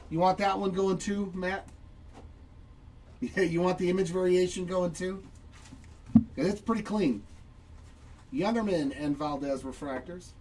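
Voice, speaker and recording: An upbeat man hosts a live card break, talking quickly to viewers as he opens packs. His voice sits a bit high for a man and comes from a short way off the mic. Faint room noise hums behind him. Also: a little mellow, far from the mic, poor audio. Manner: upbeat, chatty, reacting to pulls and answering chat.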